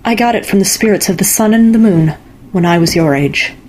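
A woman voicing a stern, insistent mother who scolds her daughter, in a husky voice. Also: mid-range voice, animated, brisk, darkish tone, voice pushed up, close to an everyday voice. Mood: tender. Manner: scolding, commanding.

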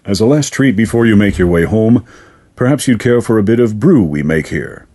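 A man voicing a courteous, sinister male fairy lord in a storybook reading, formal and measured. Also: fairly low pitch, lively intonation, dark tone. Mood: courteous menace. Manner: formal, measured, silkily polite.

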